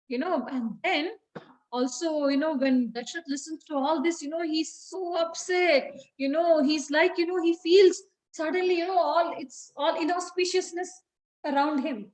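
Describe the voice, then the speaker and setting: A woman's voice: sits high, fairly even intonation, normal speed, a little mellow, low-quality recording. A woman, teaching children by retelling a story in a chatty way, with many fillers and questions to the class.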